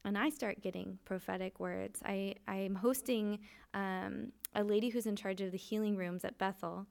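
A woman's voice: mid-range voice, fairly even intonation, normal speed, creaky, darkish tone. A woman sharing a personal testimony in candid, earnest conversation, full of restarts and fillers.

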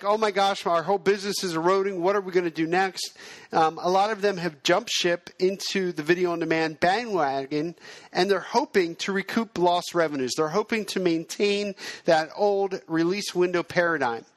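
A male podcast host who explains things in a steady, self-described monotone. His voice sits a little high and sounds close and dry, with no room around it. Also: dry recording. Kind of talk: podcast monologue.

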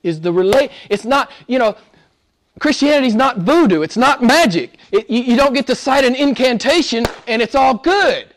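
High-voiced man preaching emphatically. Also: expressive, moderate pace. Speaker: pastor. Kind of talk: sermon.

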